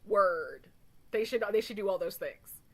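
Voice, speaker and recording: A woman's voice: mid-range voice, brisk, a little mellow, rough recording. A young woman hosting a casual chat, rambling through stories, swearing freely and laughing often. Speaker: podcast host.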